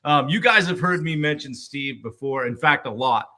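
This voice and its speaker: A man with a medium-pitched voice hosts a casual live stream at a moderate pace, chatting with a guest over a video call. He's relaxed and talkative, with frequent fillers and restarts.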